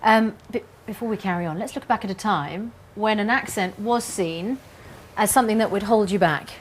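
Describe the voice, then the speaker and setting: A woman's voice: medium pitch, moderate pace, slight background noise. A woman co-presenting morning news and putting questions to studio guests in a friendly way.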